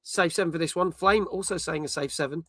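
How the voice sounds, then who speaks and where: A man's voice: fairly high pitch, fast talker, sharp tone, dry recording, studio quality. A middle-aged man hosting a casual gaming chat, reading out viewer comments and swearing freely. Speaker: host.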